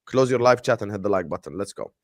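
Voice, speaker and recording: A man hosting a casual live football chat stream, giving loud shout-outs to his viewers. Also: lowish voice, expressive, fast talker, no room sound, studio quality. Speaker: host.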